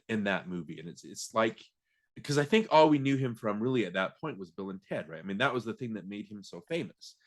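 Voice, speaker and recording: A man's voice: medium pitch, fairly bright tone. A man hosting a podcast, talking casually and laughing as he acts out movie lines. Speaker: podcast host.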